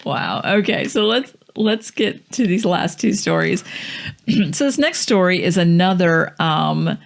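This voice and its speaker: A man's voice: high-pitched, expressive, vocal fry. A man co-hosting a podcast in casual chat, backchanneling and laughing often. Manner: frequent backchannel and laughter, unhurried.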